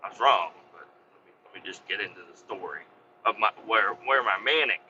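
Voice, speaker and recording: A man's voice: fairly low pitch, animated, brisk, lo-fi sound, slight background noise. A man casually telling a heated story, swearing a lot and getting worked up as he goes. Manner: heated, swears a lot, re-enacts his own yelling. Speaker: podcast host and business owner.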